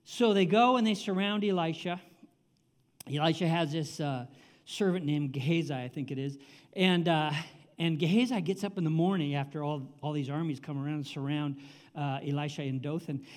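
High-voiced preacher in his seventies. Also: normal speed. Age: 70s. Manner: exclamatory, conversational preaching with asides. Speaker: pastor. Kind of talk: sermon.

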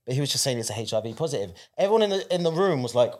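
A man telling funny stories in a casual podcast chat, animated and laughing as he goes. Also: mid-range voice, rapid-fire. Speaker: podcast guest comedian.

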